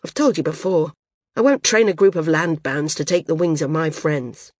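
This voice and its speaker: A woman's voice: deep voice, normal speed, a little mellow, no echo, clean studio sound. A woman voicing a lean, cheerful but stubborn male flyer in an audiobook, reading his lines earnestly and argumentatively. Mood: heated.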